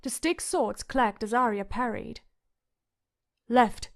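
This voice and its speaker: A woman's voice: fairly high pitch, moderate pace. A woman reading a fantasy audiobook with dramatic narration.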